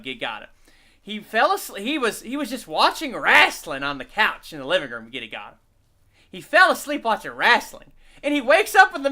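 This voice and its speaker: A man's voice: very high voice, sharp tone. A man giving casual, profane, mocking commentary over a video, laughing and repeating catchphrases.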